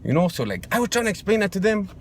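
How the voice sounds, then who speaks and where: A man's voice: sits high, sing-song, rapid-fire, a little hiss or hum. A man playing a macho young street guy who gets defensive, talking in a slangy drawl and calling everyone fool. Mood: rambling. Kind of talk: comedy sketch monologue.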